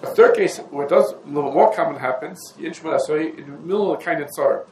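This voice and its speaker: Speaking fast in a slightly high, somewhat mellow voice, a man teaches Torah, working through halachic sources in a rambling, conversational style. Hebrew and Yiddish terms come up often, and the recording has room echo plus faint ambient noise.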